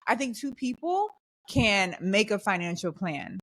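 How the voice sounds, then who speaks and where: A woman's voice: mid-range voice, sing-song, a little slow, a bit bright. A young adult woman co-hosting a podcast, ranting in an emphatic, heated way in casual chat. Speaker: podcast co-host.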